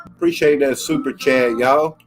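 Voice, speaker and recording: A man hosting a casual livestream, slowly greeting viewers and thanking chatters by name. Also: medium pitch, steady tone, faint music behind. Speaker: livestream host.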